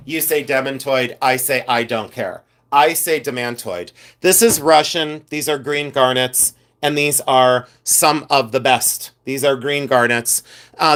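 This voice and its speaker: A man's voice: medium pitch, a bit bright. A man hosting a casual live stream, telling rambling, repetitive stories with exasperated asides. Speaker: live-stream host selling gemstones.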